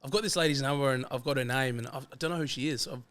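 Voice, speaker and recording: An Australian man rattles through his anecdotes at a quick clip as a podcast guest. He acts out every quoted line of dialogue in a mid-pitched voice. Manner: animated, fast-flowing anecdotes that act out quoted dialogue. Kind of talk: casual storytelling chat.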